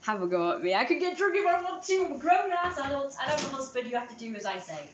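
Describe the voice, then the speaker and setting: A woman voicing a drunk, indignant middle-aged cartoon husband who blusters and shouts at his wife. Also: high voice, very animated, fast, roomy sound, muffled recording, a crowd in the background, pitched above the performer's own voice.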